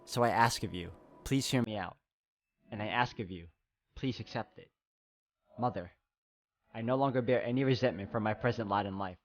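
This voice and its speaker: A man voicing a gentle, persecuted young man in a video game, reading formally and slowly. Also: fairly low pitch, voice pushed down, close to an everyday voice. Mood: solemn. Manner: slow, solemn, formal reading. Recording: slightly dull, muffled sound.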